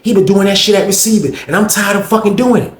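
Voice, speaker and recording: A man's voice: high voice, fast talker, lightly acted. A man voicing a fed-up wife who scolds and cusses in exasperation, recorded in an echoey room. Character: fed-up woman, wife working long shifts.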